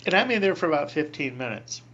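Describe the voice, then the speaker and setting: A man in his sixties, a priest, telling a personal story in an interview, animated, acting out voices and laughing often. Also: on the high side, fast talker, muffled recording.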